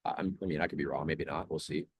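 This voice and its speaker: A man's voice: extremely low pitch, fairly even intonation, fast, husky, dry recording, studio quality. A young man hosting a trading livestream, talking in a laid-back, chatty way and reading viewer questions aloud. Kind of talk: casual live-stream commentary.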